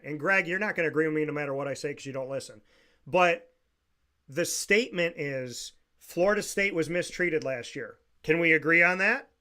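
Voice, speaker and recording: A man's voice: fairly high pitch, sharp tone. A man co-hosting a sports talk show, insistently repeating his point in a heated debate.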